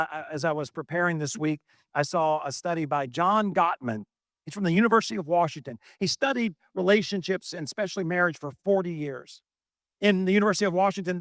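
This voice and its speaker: Man preaching a sermon, fairly high voice. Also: a bit bright, no echo, studio quality. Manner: conversational preaching, asks the crowd questions. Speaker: pastor.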